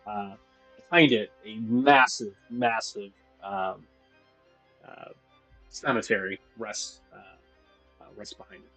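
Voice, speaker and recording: A man running a tabletop game as game master, describing scenes at length with many pauses and restarts. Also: fairly low pitch, pushed and bright, poor audio. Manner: descriptive, with frequent fillers and restarts. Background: faint music.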